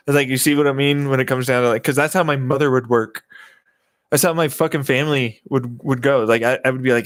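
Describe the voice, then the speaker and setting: A man's voice: medium pitch, fairly even intonation, a little fast, dry recording. Agitated, foul-mouthed man venting. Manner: agitated, profane, repeating himself. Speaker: vlogger. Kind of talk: rambling personal monologue.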